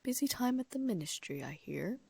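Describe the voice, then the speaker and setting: A woman voicing a cold, sneering aristocratic wizard man in a hushed, breathy whisper, with a low, gravelly edge to her voice. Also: big pitch swings, brisk, dry recording, heavily acted.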